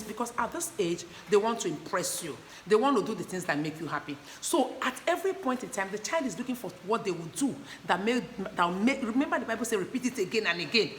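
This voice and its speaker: A woman's voice: medium pitch, expressive, fast, hardly any pauses. Woman, earnest parenting teacher, repeats herself, checks for understanding, echoey room, faint noise. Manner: earnest, repetitive, asks "do you understand?".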